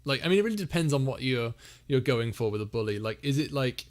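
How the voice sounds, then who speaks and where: A man's voice: medium pitch, expressive, fast. A young man hosting a casual live Q&A, reading chat messages aloud and laughing often. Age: young adult. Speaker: livestream host.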